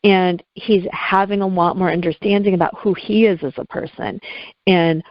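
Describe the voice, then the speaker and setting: A woman's voice: fairly low pitch, fairly even intonation, normal speed, no room sound, dull audio. A middle-aged woman speaking as an interview guest, telling a painful personal story in an earnest, heartfelt way, at times close to tears.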